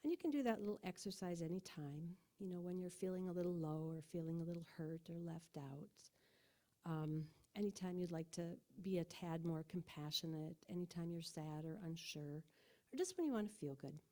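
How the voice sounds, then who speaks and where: A woman guiding a meditation in a church, talking gently and sometimes dropping into a whisper. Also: fairly low pitch, fairly quick. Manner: gentle, soft-spoken, often whispered. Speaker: meditation leader. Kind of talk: guided meditation. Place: church sanctuary.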